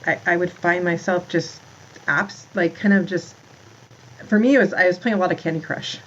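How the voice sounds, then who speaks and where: A woman's voice: lowish voice, steady tone, normal speed, dull audio, a little hiss or hum. A woman in her thirties, a podcast guest, talking in a rambling way about motherhood, full of "like" and restarts. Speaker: podcast guest, founder of a moms' community. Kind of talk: casual interview talk.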